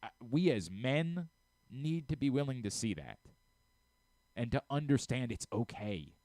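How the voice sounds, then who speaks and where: A man's voice: mid-range voice, animated, measured pace, a little mellow, no room sound. Earnest middle-aged man, dry studio sound. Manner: earnest, openly emotional, frequent stammered restarts. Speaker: sports radio host. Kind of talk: sports talk radio monologue.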